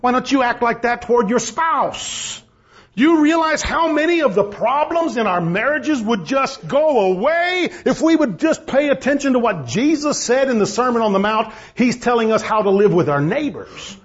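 A man's voice: very high voice, big pitch swings, normal speed, few pauses, husky. A man preaching a sermon about marriage, reading King James scripture aloud and pressing his points with rising emphasis. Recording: dull, lo-fi sound.

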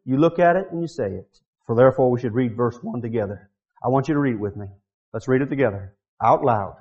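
A man preaching a revival sermon in church, swinging from quiet pleading to shouted, drawn-out climaxes. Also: medium pitch, highs cut off.

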